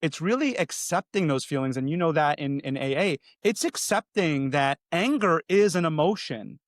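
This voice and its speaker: A man who is an executive coach and a podcast guest, talking in an animated, conversational coaching manner that often acts out quoted voices. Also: a little high, normal speed, dry recording, clean studio sound.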